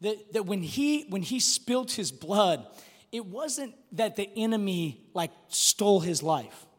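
A man preaching a sermon, swinging between loud bursts and quiet, hushed drops. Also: sits high, very animated, slow pace. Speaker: pastor. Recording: long hall reverb with faint music.

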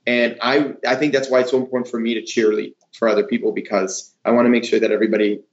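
A man, a hairdresser and educator, talking in a casual interview with enthusiastic, animated storytelling. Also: medium pitch, quick pace. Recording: roomy, slightly dull sound.

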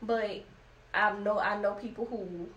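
Measured woman, slightly off-mic. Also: medium pitch, fairly even intonation, a bit bright, a little hiss or hum. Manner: measured, hedges her opinions. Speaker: podcast guest. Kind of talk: casual group discussion. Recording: distant and echoey.

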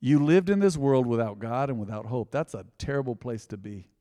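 Pastor preaching in a reverberant hall. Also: male voice, mid-range voice, brisk, mellow. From United States. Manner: conversational, storytelling, engaging the crowd. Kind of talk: sermon. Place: church hall.

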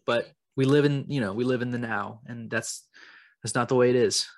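Deadpan young man riffing absurdly. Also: mid-range voice, normal speed, dry recording, studio quality. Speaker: podcast co-host. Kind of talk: improvised comedy podcast chat.

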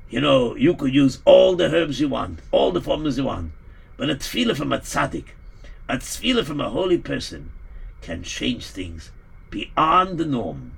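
A man telling a story live, animated and emphatic, stumbling over words at times. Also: medium pitch, creaky, husky. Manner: animated, emphatic, halting restarts.

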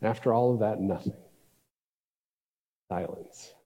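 A man preaching a sermon, telling a story with dramatic shifts between loud and hushed delivery. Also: medium pitch, measured pace, husky, dull audio. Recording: reverberant hall.

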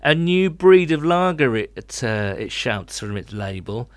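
A man's voice: medium pitch, big pitch swings, unhurried, no room sound, studio quality. Teasing chatty man. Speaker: podcast co-host. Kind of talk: casual banter.

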